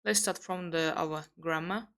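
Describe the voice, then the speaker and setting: A young woman from Azerbaijan teaches English grammar in an online lesson. She talks at an unhurried, measured pace. She pauses often and corrects herself as she explains. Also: low-pitched, steady tone, fairly bright tone.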